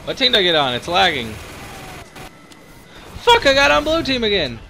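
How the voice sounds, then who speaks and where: A young man hosting his own channel, giving excitable, profanity-laden live commentary while playing a game. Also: sits high, normal speed, gravelly, slight background noise. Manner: excitable, swears a lot, reacts loudly. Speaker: gaming channel host.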